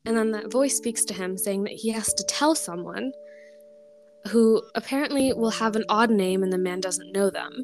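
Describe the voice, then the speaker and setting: A young woman co-hosting a podcast who reads an old folk tale aloud with lively voices for the characters, then chats casually with lots of "like" and laughter. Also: mid-range voice, normal speed, soft background music. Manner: animated reading with voiced characters, chatty with many likes and laughs. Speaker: podcast co-host.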